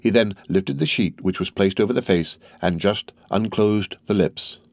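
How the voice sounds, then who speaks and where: Low-voiced male audiobook narrator. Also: moderate pace, vocal fry, dry recording. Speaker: audiobook reader. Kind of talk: audiobook narration of a classic novel.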